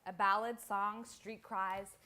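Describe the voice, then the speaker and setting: A woman poet giving a live poetry reading in a small venue, reciting in a measured, incantatory, list-like way. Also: medium pitch, little pitch movement, pushed and bright.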